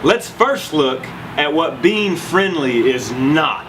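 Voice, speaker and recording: A man's voice: on the high side, expressive, takes it slowly, background noise. A man hosting a scripted children's Bible lesson in an upbeat, enthusiastic way, leading the kids in call-and-response.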